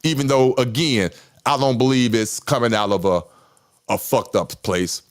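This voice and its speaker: A man's voice: medium pitch, normal speed. A man, talking candidly in casual chat, rambling, repeating himself and swearing. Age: 50s. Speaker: podcast host.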